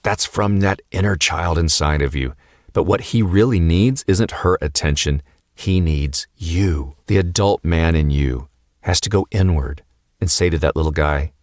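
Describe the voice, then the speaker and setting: Deep-voiced man giving calm marriage advice. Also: a little slow, no room sound, studio quality. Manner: calm, earnest, repeats phrases for emphasis. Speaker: marriage coach. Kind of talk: motivational advice talk to husbands.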